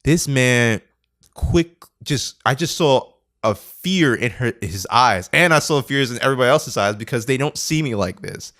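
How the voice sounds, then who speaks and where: A young man, a podcast co-host, telling a story in casual chat and acting out quotes, laughing often. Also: normal speed. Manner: animated, acts out quotes with big pitch jumps, laughs often.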